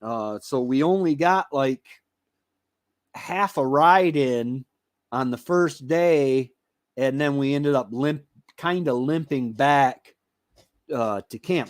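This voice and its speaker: A man's voice: mid-range voice, slow pace, no room sound, studio quality. A man hosting a casual live stream, rambling and chatty as he greets viewers by name from his home.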